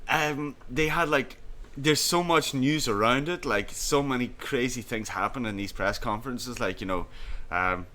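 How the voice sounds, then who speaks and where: A man's voice: medium pitch, moderate pace, hardly any pauses, sharp tone. A man co-hosting a casual podcast chat, rambling and laughing as he tells stories and acts out quotes. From Ireland. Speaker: podcast co-host.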